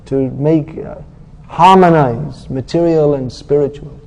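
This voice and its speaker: A man preaching a sermon in a scripture class, with a very dark, mellow tone that sits a little high for a man. He talks bluntly and with a sarcastic edge, scolding his listeners. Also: steady tone, moderate pace, low-quality recording.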